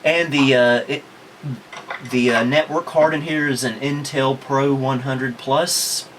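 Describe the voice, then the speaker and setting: Relaxed man hosting a retro tech chat. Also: medium pitch, slow pace, a little hiss or hum. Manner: relaxed, rambling with many ums. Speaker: host. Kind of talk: casual tech review chat.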